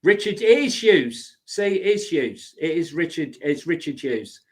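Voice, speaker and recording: A man's voice: a little high, very animated, unhurried. A man co-hosting a football podcast, talking emphatically and repeating his points in a casual argumentative chat. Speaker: podcast co-host.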